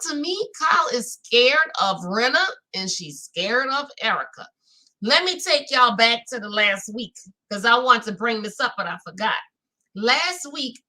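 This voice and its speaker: A woman with a New Orleans accent hosts a chatty live recap with a bright, forceful voice that sits a little high. She is animated and talks straight to her viewers, reading out their chat comments as she goes. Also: poor audio. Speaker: reality-show recap host.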